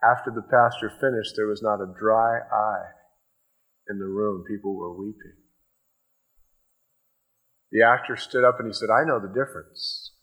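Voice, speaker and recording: A man with a bright, forceful voice preaching a sermon. He stretches scripture out slowly and loudly, then tosses off quick asides. On his most personal points he sinks to a near hush. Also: on the low side, steady tone, rough recording. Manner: swings from slow, loud emphatic reading of scripture to quick asides; drops to a soft, hushed voice for personal points.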